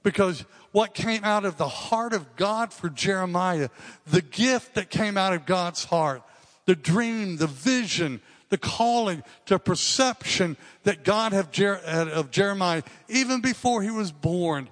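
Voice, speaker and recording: A man's voice: high-pitched, lively intonation, a little slow. A male pastor preaching a sermon in a conversational, earnest way, repeating and restarting phrases for emphasis. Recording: long reverb of a large hall.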